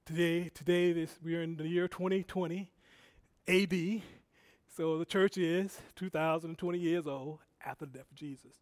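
A man delivers a sermon in a high voice, drifting between quiet, wandering asides and loud exhortations to the congregation. He corrects himself often and talks like he is chatting with them. The sound is close and dry. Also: fairly even intonation, normal speed, no room sound. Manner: conversational and rambling, with self-corrections and laughs. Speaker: preacher.

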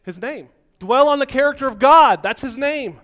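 High-voiced, animated male preacher. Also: moderate pace. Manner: energetic and animated, jumping while preaching. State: out of breath. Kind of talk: sermon.

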